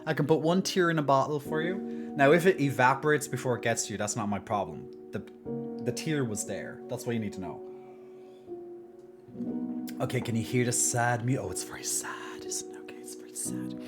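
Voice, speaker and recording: A man's voice: mid-range voice, lively intonation, moderate pace, pauses often, over loud music. A man chatting casually and playfully to his live-stream viewers, full of fillers and restarts, and at times putting on a mock-solemn tone. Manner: mock-solemn when playing up sad news.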